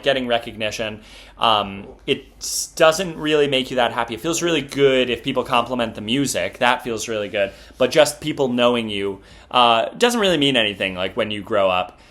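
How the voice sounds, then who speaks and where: A young musician talks through fan questions in a relaxed, reflective way. His humor is dry, and his voice sits in a middle pitch. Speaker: band member and producer. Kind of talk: casual interview chat.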